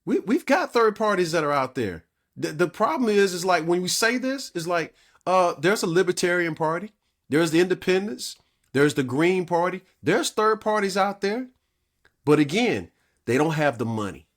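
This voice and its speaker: A man's voice: high voice, very animated, normal speed. A man co-hosting a community talk show, speaking in an earnest, persuasive way and often checking in with "all right?". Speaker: co-host. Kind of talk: talk radio discussion.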